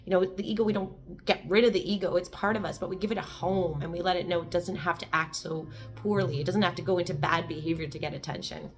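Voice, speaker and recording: A woman with a fairly low voice shares a daily meditation in an earnest, gently encouraging way. She sounds emotional, close to tears at times. Soft music plays faintly behind her. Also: fairly even intonation, fast, hardly any pauses. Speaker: host of a daily reflection video. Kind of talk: reading and reflecting on a daily meditation.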